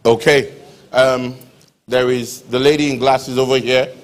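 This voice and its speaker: A man acts as master of ceremonies, courteous and formal. His voice sits at an ordinary middle pitch for a man. He sounds like he is speaking in a lecture hall. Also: flat delivery, measured pace. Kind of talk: formal event hosting.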